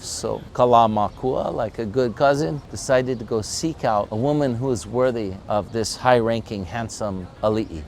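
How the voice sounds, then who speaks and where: Animated male storyteller. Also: medium pitch, gravelly, a little hiss or hum. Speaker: surf historian. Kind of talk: talk story.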